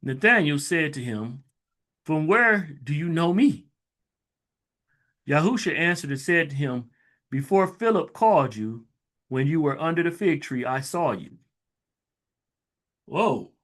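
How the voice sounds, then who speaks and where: A man reading scripture aloud slowly and stopping to explain it in loose, conversational asides, like a Bible teacher. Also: on the high side, animated, a bit bright. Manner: reads verses slowly, then breaks into loose conversational asides. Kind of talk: scripture reading with casual commentary.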